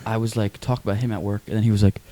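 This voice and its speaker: A man's voice: on the low side, little pitch movement, very fast, mellow. A male podcast host from Westchester, New York, telling a rambling story in casual, profane talk on a close mic.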